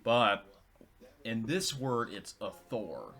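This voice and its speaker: A man with a lowish, bright-toned voice chats casually as he reads through posts, often restarting and correcting himself mid-sentence. Faint music plays underneath. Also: lively intonation, a little slow. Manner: rambling, many restarts and self-corrections. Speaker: vlogger reading tweets. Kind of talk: casual commentary.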